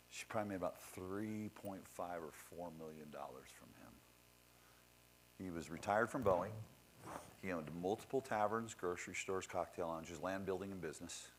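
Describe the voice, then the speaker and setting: Man, very low voice, blunt and profane motivational storyteller, faint hiss behind. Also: rough recording. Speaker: speaker introducing the next speaker. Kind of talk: motivational talk to an audience.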